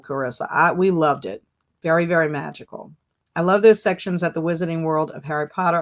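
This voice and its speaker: A middle-aged woman hosting a casual livestream, chatting and reading viewer comments aloud. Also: lowish voice. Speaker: livestream host and teacher.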